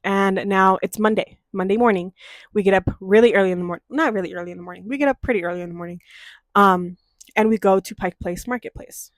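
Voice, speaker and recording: A young woman from Denver vlogging a casual storytime, animated and profane, acting out quoted voices. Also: mid-range voice, fast, dry recording. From Denver, USA.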